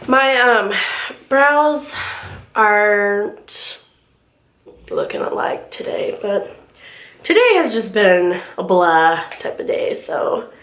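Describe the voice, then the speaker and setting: A young beauty vlogger from California chats while doing her makeup in a room at home, telling a story packed with filler words in a casual get-ready-with-me style. Her mid-range voice is animated and a bit bright, with drawn-out words and frequent pauses. The recording sounds roomy.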